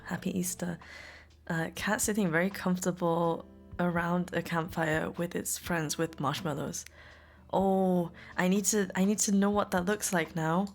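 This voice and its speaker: Giggly woman streaming. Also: on the low side. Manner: giggly, playful, chatty with chat. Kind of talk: casual live-stream chat. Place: home room.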